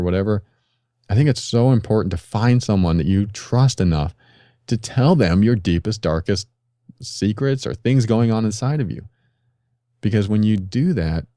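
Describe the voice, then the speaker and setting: Podcast guest: middle-aged man, earnest and confessional, dark warm tone, dry close sound. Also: low-pitched, no room sound. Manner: earnest, confessional, advice-giving. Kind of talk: candid personal storytelling. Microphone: podcast microphone.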